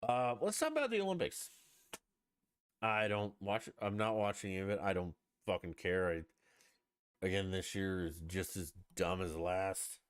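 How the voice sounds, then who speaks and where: A man's voice: low-pitched, lively intonation, normal speed, smooth, no echo, clean studio sound. A man hosting a live-streamed podcast, ranting in a profane, sarcastic and exasperated way. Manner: scoffing, exasperated. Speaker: podcast host.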